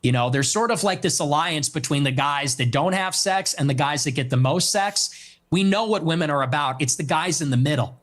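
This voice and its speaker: A man's voice: on the high side, normal speed, a bit bright. A man in his twenties, a guest in a heated debate, answering with combative, dismissive retorts. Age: 20s. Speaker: interview guest.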